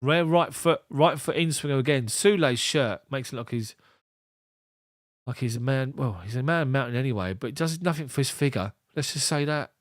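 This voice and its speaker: A man's voice: medium pitch, normal speed, no room sound, clean studio sound. A man doing live ball-by-ball match commentary as a fan streamer, giving clipped play calls broken up by chatty asides.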